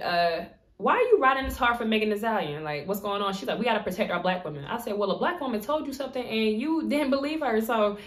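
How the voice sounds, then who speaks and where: Bright, animated woman telling a story. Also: medium pitch. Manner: animated storytelling, acts out quotes; laughs often. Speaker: vlogger. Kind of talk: storytime vlog.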